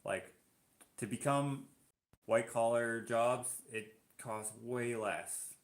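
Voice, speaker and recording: A man's voice: mid-range voice, takes it slowly. A Canadian man hosting a live stream, chatting casually as he reads out viewer comments and reacts to them. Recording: roomy echo.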